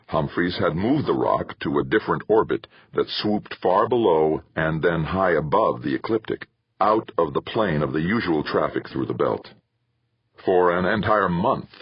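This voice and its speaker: A man narrating an audiobook in a measured, expressive way. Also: deep voice, husky, no room sound, highs cut off. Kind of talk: scripted narration.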